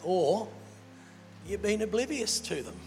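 A pastor preaching in a big church hall, his high voice carrying a long reverb tail. He speaks slowly and deliberately, playful and animated, with soft music faintly underneath. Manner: animated, playful, laughs between points. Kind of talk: sermon.

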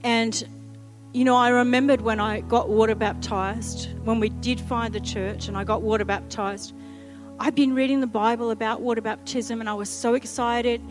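A woman's voice: a little high, normal speed, music in the background. A middle-aged woman, telling a humorous story in a sermon and acting out the quotes. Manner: lively, humorous, acts out quotes. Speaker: preacher.

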